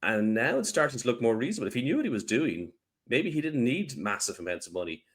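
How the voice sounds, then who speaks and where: A man's voice: medium pitch, quick pace, husky. A man co-hosting a podcast, talking casually, sounding nasal and congested from a cold and often restarting his sentences. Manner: excitable, trails off and restarts often. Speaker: podcast co-host.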